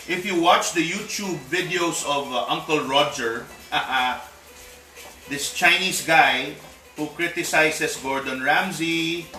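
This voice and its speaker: A man's voice: a little high, sharp tone, far from the mic. A man with a Filipino accent, chatting casually as he cooks on a live stream, slipping Tagalog words into his English. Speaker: home cook. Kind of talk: live-streamed cooking chat. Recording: echoey room, voice off-mic, faint music.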